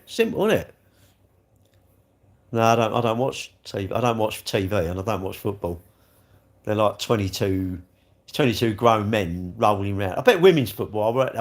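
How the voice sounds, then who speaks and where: Brief: rambling, jokey man chatting to his live-stream viewers, mid-pitched. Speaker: livestream host reading chat. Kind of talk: casual live chat.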